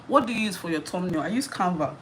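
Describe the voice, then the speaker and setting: A woman's voice: fairly low pitch, lively intonation, fast talker, fairly bright tone. A Nigerian woman in her thirties chatting casually while answering viewer questions on a live stream, laughing often and repeating herself. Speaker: YouTuber hosting a live Q&A. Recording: noisy live-stream audio.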